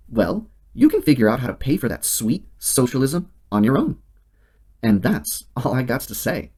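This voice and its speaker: Husky man with a deadpan satirical delivery. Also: medium pitch. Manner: deadpan mock-serious delivery. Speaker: host. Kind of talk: satirical scripted monologue.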